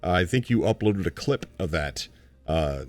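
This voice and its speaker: A man with a lowish voice asks questions and reacts in short, easygoing bursts on a podcast. His voice sounds dry and close, with faint music behind. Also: animated, normal speed, a little mellow, dry recording. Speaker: podcast co-host interviewer. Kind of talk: casual podcast chat.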